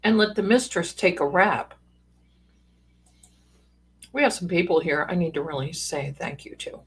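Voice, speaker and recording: Speaking in a husky, fairly low voice at normal speed, a psychic livestream host talks in a relaxed way, sprinkling in sassy, down-home remarks.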